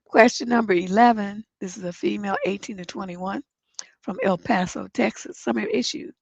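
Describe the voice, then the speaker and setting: Blunt congested woman advice host, gravelly. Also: mid-range voice, fairly even intonation, a little fast, a little hiss or hum. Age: middle-aged. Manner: blunt, profane, gets emphatic when giving advice. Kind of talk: livestream advice chat, reading viewer letters. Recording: dull lo-fi stream audio.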